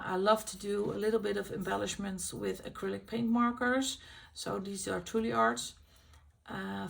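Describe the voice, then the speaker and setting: A woman's voice: medium pitch, creaky. A woman hosting a casual video where she shows her finished colouring pages, chatting and thinking aloud as she checks which supplies she used. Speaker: colouring channel host.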